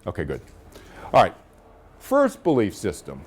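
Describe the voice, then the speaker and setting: A middle-aged man speaks to a seminar audience in a loose, storytelling way. His voice sits fairly low yet moves with a very animated, rising-and-falling melody. He keeps pausing to check that listeners are following. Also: slight background noise. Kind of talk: live seminar talk.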